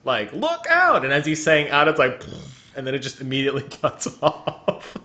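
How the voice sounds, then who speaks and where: A young man co-hosting a gaming podcast, chatting loosely and breaking into giggles. His voice sits at an ordinary middle pitch. He keeps dropping into jokes and mock voices as he talks. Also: level tone, normal speed, pushed and bright. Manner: giggly, jokey, slips into silly voices. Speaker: podcast co-host. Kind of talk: casual chat.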